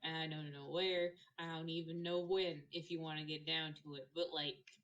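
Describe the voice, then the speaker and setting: A woman's voice: low voice, flat delivery, moderate pace, fairly bright tone, muffled recording. A woman playing a tabletop game, rambling and swearing, with many fillers. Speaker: player. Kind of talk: casual tabletop play.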